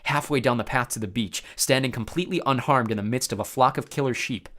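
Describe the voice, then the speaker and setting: A man's voice: medium pitch, quick pace, fairly bright tone. A man reading a story aloud, narrating expressively in the first person.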